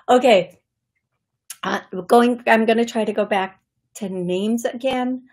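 A woman hosting a live call-in psychic medium show, speaking in a halting, thinking-aloud way with frequent laughs. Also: fairly high pitch. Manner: laughs often between remarks.

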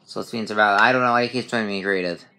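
A man's voice: lowish voice, fairly even intonation, very fast, background noise. A man playing a spooky game on his channel, thinking aloud and reacting with frequent startled exclamations. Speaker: gaming channel host. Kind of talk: let's play commentary.

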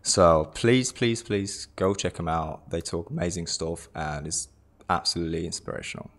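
A man's voice: low voice, moderate pace. A man in his twenties from Japan, a native Japanese speaker with a British-tinged English accent, chatting loosely about himself with repeated words and jokey asides. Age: 20s. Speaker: lifestylist introducing himself. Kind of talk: casual self-introduction talk.

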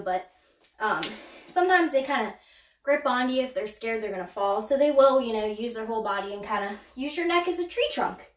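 Chatty woman in an echoey room. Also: a little high. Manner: chatty, laughs often, excited whoops. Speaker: snake keeper vlogger. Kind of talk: casual show-and-tell vlog. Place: indoors room by a snake enclosure.

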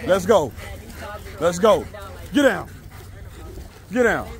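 A man's voice: high voice, big pitch swings, slow. A man, a kennel owner giving his dogs short commands in a casual outdoor vlog. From Arkansas, US. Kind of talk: casual dog-training vlog.

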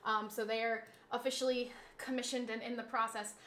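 A woman streaming a game, chatting casually with her audience, reading chat aloud and slipping into animated, mock-indignant rants. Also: a little high, moderate pace, slight background noise. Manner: chatty, reads chat aloud, laughs easily. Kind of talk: casual live-stream chat while gaming.

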